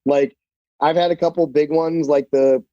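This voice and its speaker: A middle-aged man tells stories bluntly and swears freely, with an animated delivery. His voice is fairly high but mellow and dark in colour. It comes through a dry, slightly dull podcast recording. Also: normal speed, no echo. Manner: profane, blunt, animated storyteller. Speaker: podcast guest, black belt instructor. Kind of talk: casual storytelling interview.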